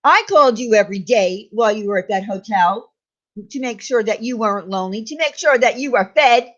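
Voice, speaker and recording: A woman's voice: on the high side, a little fast, dull audio. A woman hosting her own channel, angrily ranting with sarcastic, indignant questions and repeated names. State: angry. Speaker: YouTube commentary host. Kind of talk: angry ranting commentary.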